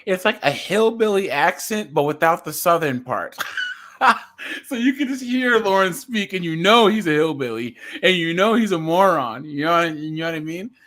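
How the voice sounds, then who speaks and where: A man's voice: fairly high pitch, lively intonation, normal speed, fairly bright tone. A man with a Californian accent hosting a casual podcast chat, rambling with fillers and chuckles. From US West Coast. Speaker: podcast host.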